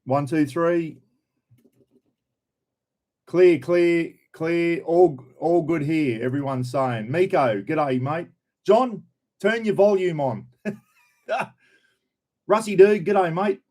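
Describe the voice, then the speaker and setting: A man's voice: a little high, takes it slowly, pauses often, darkish tone. An older man with an Australian accent hosting a casual live stream, greeting viewers by name in a chatty, blunt way and swearing freely.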